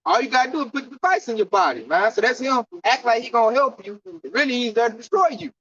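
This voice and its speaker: A man's voice: very high voice, lively intonation, fast, a bit bright, breathy edge. A man preaching and teaching scripture at an outdoor camp gathering in a fiery, slangy, preachy way. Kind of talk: street sermon teaching. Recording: dull lo-fi dry recording.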